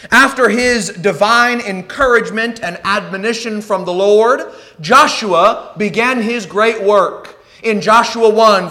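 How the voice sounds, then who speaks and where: A man preaching an evening Bible study sermon, earnest and reading scripture aloud, slowing down to stress key points. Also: sits high, bright, forceful tone. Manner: earnest, slows down for emphasis.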